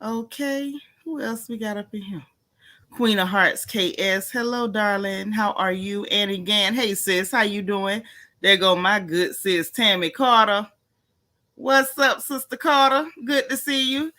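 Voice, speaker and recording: A woman's voice: mid-range voice, a little slow, bright, forceful tone. A woman hosting a casual livestream, chatting in a folksy way and greeting viewers by name. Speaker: livestream host.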